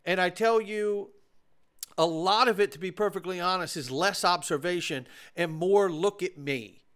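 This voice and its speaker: A man's voice: high voice, moderate pace, a bit bright. A man hosting his own commentary channel, talking straight to viewers in an emphatic, opinionated way. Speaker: host of a crypto commentary channel. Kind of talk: casual commentary.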